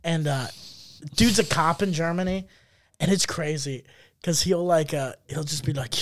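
A man co-hosting a casual podcast chat, an animated storyteller who slips into mimicked accents and voices. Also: fairly high pitch, moderate pace, dry recording, studio quality. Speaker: podcast co-host.

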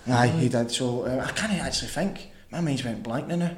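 Scottish male coach, mid-pitched, relaxed joker, roomy sound. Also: a little fast. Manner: relaxed, joking, searching for names. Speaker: football manager guest. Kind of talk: casual football chat.

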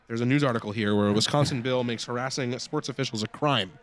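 Man, podcast co-host, blunt, joking, casual chat, medium pitch. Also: quick pace.

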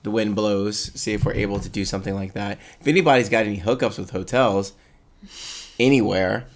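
A man's voice: fairly low pitch, brisk. A man casually chatting as a podcast co-host, rambling and laughing often. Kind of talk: casual chat.

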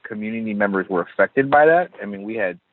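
A man guesting on an interview, a comic artist who tells stories in an animated way and laughs often. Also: lowish voice, quick pace, gravelly, no echo. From Southern California. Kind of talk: casual interview chat. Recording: tinny phone-line audio, dry.

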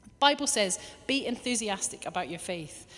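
A woman's voice: medium pitch, moderate pace. Woman preaching in a reverberant hall. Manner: lively, acts out little quoted voices. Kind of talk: sermon.

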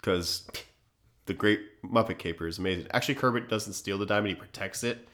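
A man in his thirties co-hosting a podcast, cracking sarcastic jokes and quick quips in casual chat. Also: on the low side, a bit bright. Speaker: podcast co-host.

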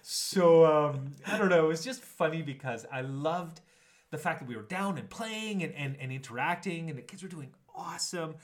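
A middle-aged man's voice sits on the high side at normal speed as he co-hosts a podcast. Chatting casually, he tells stories with lots of animation, frequent laughter and acted-out quotes.

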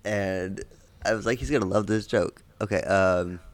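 Man, low voice, dry close sound, casual podcast chat, joking, stumbles over words. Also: moderate pace, no room sound. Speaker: podcast co-host.

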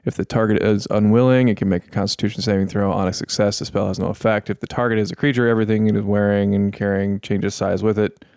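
Low gravelly man reading game rules. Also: fairly even intonation, fast, hardly any pauses, a little mellow, no room sound, studio quality. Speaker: player. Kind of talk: reading spell rules aloud.

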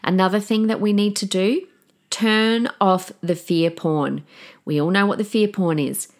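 A woman's voice: medium pitch, a little slow. A middle-aged woman hosting a podcast, talking candidly and emotionally in a casual motivational style, with fillers and restarts. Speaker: podcast host.

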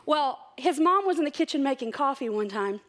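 Middle-aged woman, high voice, excited storyteller at church. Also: brisk. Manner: chatty, excited, laughs often. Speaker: church speaker. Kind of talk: church talk with personal stories.

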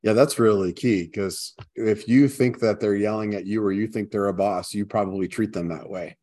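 A man co-hosting a workplace talk, explaining his point in a steady, measured way. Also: on the low side. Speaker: podcast co-host. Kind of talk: casual conversational discussion.

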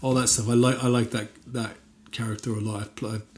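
Guy in an interview, mid pitched voice, rambly with uhs and ums, gets excited now and then. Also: brisk. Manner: chatty, many fillers and restarts. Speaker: actor guest. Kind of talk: casual interview chat.

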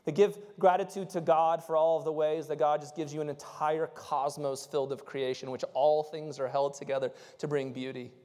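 A male pastor preaching a conversational sermon, swinging from loud, impassioned stretches to soft, intimate ones. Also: on the high side, level tone, normal speed, few pauses, big-room sound.

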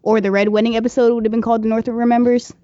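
A woman co-hosts a podcast, musing aloud and restarting her sentences. Her tone is mellow. The sound is dry, close and dull. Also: fairly high pitch, flat delivery, rapid-fire, no room sound. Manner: thinks aloud, restarts, hedging opinions. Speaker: podcast co-host. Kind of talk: casual chat.

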